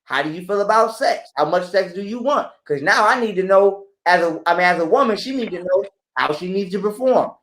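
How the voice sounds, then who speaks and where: A man with a high voice lecturing his audience in blunt, profane terms. He sounds like he is talking live in a roomy, echoing space. His delivery is preachy and direct. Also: expressive, a little fast, hardly any pauses, fairly bright tone. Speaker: podcast guest. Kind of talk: casual live-stream talk.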